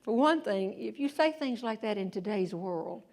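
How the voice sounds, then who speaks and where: A woman voicing her husband, a calm former school principal who lectures her patiently and at an even pace. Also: high voice, normal speed, creaky, slight background noise. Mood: lecturing calmly.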